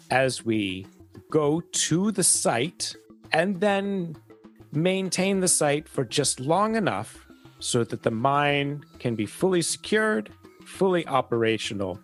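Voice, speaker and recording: A man voicing a wealthy, smiling male expedition benefactor with a light German accent, speaking in a polite, measured way. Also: mid-range voice.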